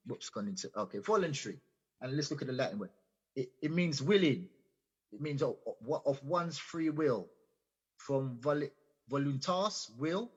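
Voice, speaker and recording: Earnest husky-voiced man lecturing. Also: a little high. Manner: earnest and explanatory, often repeats and restarts words. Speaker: invited guest speaker. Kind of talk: lecture-style talk on a radio show. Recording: dull lo-fi audio.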